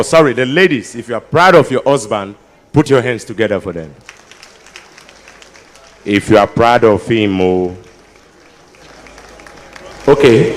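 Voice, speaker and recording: A man with a Nigerian Pidgin-inflected accent doing live stand-up banter as a comedian emcee at a ceremony, coaxing the crowd to applaud. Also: mid-range voice. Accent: Nigerian Pidgin-inflected English. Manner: jokey, switching into Pidgin, drawing applause.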